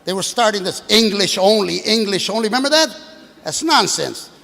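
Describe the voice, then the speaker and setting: A man in his sixties doing a stand-up comedy set, brashly working the crowd and shouting at the audience from a stage. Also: sits high, expressive, moderate pace, creaky. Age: 60s. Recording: live hall with long reverb, faint room noise.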